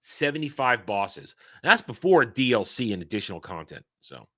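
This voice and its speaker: A male streamer talks through a game trailer live, with lively ups and downs in his voice. His tone is bright and forward, and he breaks into mock outrage and swearing at his chat. It is live-stream commentary. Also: mid-range voice, normal speed, few pauses. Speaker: streamer host.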